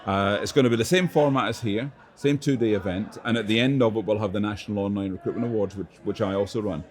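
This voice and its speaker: Middle-aged scottish guy, lowish voice, keeps stumbling and repeating words, dry jokes, conference floor. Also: fast, a little mellow. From Scotland. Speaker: interview guest, chief growth officer. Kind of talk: casual convention interview.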